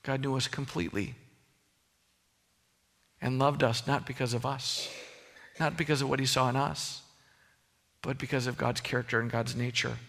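Bright-voiced man preaching in a hall. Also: medium pitch, little pitch movement, moderate pace, gravelly, pauses often. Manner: earnest preaching, rising emphasis with frequent restarts. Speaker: pastor. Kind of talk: sermon.

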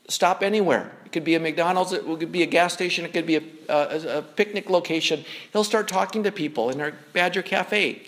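A man with a notably high speaking voice delivers a sermon from the pulpit. He preaches in an earnest, conversational manner, often doubling back on words mid-sentence. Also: fairly bright tone. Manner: earnest, conversational preaching with frequent word repeats. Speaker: pastor.

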